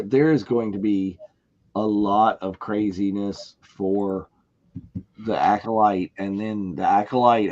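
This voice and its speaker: Excited man on a dull lo-fi line. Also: fairly low pitch. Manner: animated storyteller, acts out quotes, laughs. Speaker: co-host of a fan watch-along show. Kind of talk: casual fan chat.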